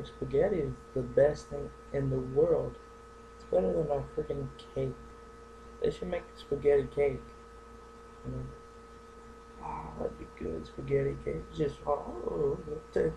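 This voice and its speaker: A young man rambling through a goofy comedic vlog monologue, going from joke to joke with silly deadpan asides. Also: a little high, measured pace, creaky, background noise. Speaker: vlogger.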